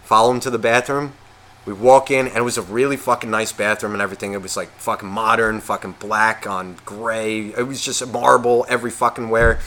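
A man's voice: fairly low pitch, fairly quick, a little hiss or hum. A man co-hosting a podcast, telling a rambling story in casual chat and swearing constantly. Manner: heavy swearing, rambling and animated. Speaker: podcast co-host.

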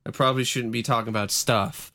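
A man's voice: mid-range voice, fairly even intonation, fast, sharp tone. Rambling young male podcast co-host. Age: young adult. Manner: rambling, self-correcting, hesitant. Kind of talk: casual chat.

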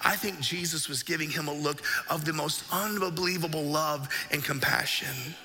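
A man's voice: fairly high pitch, moderate pace, sharp tone, a little hiss or hum. A man preaching a sermon as a pastor, telling a story vividly and with emphasis. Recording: echoey hall with faint music.

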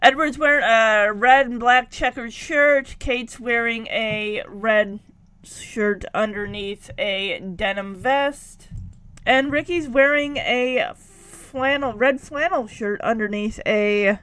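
A woman's voice: on the high side, takes it slowly, fairly bright tone, clean tone. A woman host chatting casually as she recaps a sitcom, acting out lines from its scenes.

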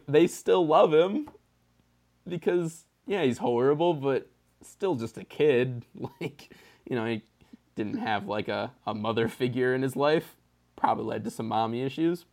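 Young man, mid-pitched, jokey, often searches for words, casual film chat. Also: moderate pace, darkish tone. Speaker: film podcast co-host.

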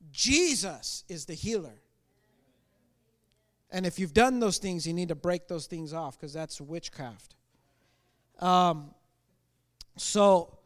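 A man preaching a testimony sermon as a missionary, earnest and impassioned, swinging between loud declarations and quiet asides. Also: sits high.

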